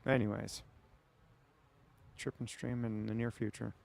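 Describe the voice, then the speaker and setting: Slow, laid-back male streamer. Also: lowish voice, little pitch movement, creaky, darkish tone, slight background noise. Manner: laid-back, rambling, chats back to viewers. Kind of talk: casual late-night livestream chat.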